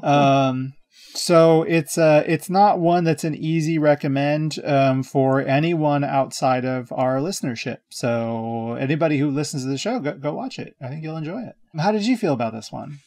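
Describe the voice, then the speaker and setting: A man co-hosting a casual podcast film review. He talks in a dry, measured way, full of wry understatement. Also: a little high, darkish tone. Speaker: podcast co-host.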